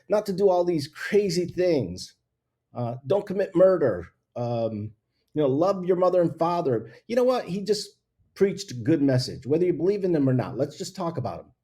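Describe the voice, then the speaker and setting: Guy hosting his own show, blunt rant, mellow husky voice. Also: a little high. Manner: blunt, ranting, laughs at himself. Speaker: show host. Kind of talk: casual opinion talk.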